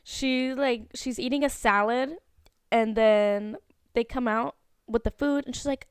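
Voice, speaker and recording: A young woman with a slightly high voice chats on a podcast, filling her talk with "like" as she retells clips and laughs. The sound is close and dry. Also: steady tone, a little slow, smooth, no room sound. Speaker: podcast co-host. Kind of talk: casual podcast chat.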